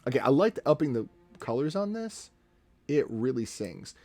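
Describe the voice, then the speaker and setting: A man's voice: medium pitch, big pitch swings, moderate pace, music in the background. A man chatting casually on a live stream as he edits photos and talks himself through each step.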